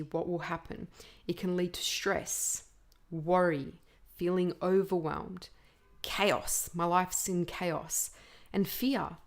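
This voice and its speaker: Slow, earnest woman podcaster. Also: fairly low pitch, a little mellow. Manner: slow, deliberate and earnest, with pauses between list items; puts on a playful imitation voice for a quoted speaker. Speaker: podcast host. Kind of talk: self-help talk.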